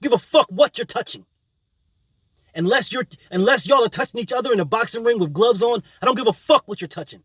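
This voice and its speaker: High-voiced man ranting profanely. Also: lively intonation, fairly quick, a bit bright, slightly rough, no room sound. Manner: profane, repetitive, combative. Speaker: boxing channel host. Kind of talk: heated opinion rant.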